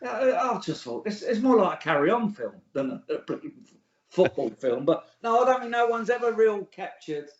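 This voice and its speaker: A middle-aged man talks bluntly and scornfully in a slightly high voice, swearing freely as he laughs things off. The room echoes, and the recording sounds dull and lo-fi. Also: sing-song, normal speed. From England. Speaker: interview guest, author. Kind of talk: casual interview chat.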